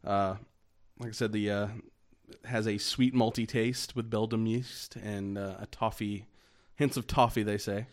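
A man co-hosting a podcast in casual chat, easygoing and halting, often restarting his sentences. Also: lowish voice, fairly even intonation. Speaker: podcast co-host.

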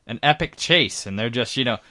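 A man's voice: mid-range voice, expressive, a little fast, pushed and bright, no echo, studio quality. A man chatting casually about a film, hesitant and full of "you know" fillers. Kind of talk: casual movie recap chat.

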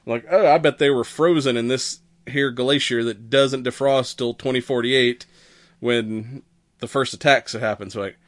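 A man's voice: mid-range voice, normal speed, dry recording. A man on a podcast casually retelling a movie plot, rambling and profane, acting out the characters' lines as he goes. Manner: rambling, profane, acts out quoted characters with laughs. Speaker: podcast host. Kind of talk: casual movie recap chat.

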